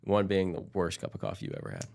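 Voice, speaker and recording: Laid-back podcast host guy, quick talker, gravelly low voice. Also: sing-song, darkish tone. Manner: laid-back, says man and dude. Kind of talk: casual podcast conversation.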